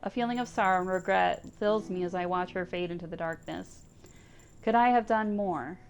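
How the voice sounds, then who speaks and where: A woman reading aloud as a grieving woman saying goodbye to her old cat, in a soft, tender, pleading way. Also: fairly low pitch, moderate pace, soft background music, lightly acted. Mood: sorrowful. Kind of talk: reading visual novel text aloud.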